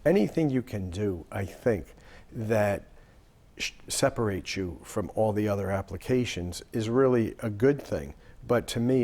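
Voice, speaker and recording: A man in his sixties from Rhode Island, speaking in a somewhat low voice. He answers interview questions with long, easygoing stories, pausing on fillers as he goes. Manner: relaxed anecdotal talk with fillers. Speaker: lawyer and guest.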